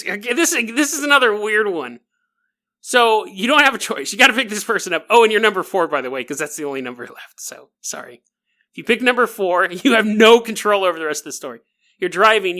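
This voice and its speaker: A man's voice: sits high, pushed and bright. Man spinning a spooky tale, jokey. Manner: jokey, laughing asides, talks straight to the listener. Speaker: podcast host. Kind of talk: comic paranormal storytelling.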